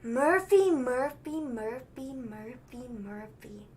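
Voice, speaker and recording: A young woman imitating a male wrestler who grandly forgives others and offers to officiate, in a mock-solemn way with drawn-out repetition. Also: high voice, expressive, darkish tone, voice pushed down.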